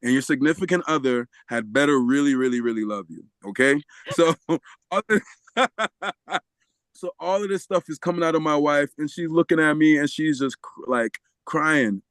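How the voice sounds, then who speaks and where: Male podcast guest with a slightly high voice, lively storyteller who acts out every character, dry close sound. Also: moderate pace, clean tone, no echo. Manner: laughs often while telling. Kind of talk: storytelling in a casual interview.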